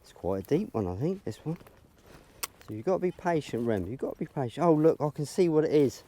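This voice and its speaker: A man teaching dog training outdoors in a field, explaining each step calmly and breaking into high, excited praise for the dog. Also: fairly quick, slight background noise.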